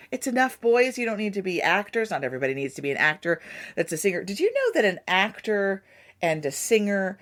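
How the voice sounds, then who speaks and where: A woman, hosting a podcast and telling a story casually, with playful asides to the listener. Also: low voice. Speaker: podcast host.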